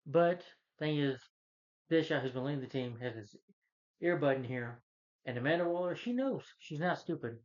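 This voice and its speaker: A man's voice: on the high side, animated, normal speed, a little mellow, highs cut off. A man casually recapping a film as a reviewer, rambling with lots of "you know" and "like". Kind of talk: casual spoken movie recap.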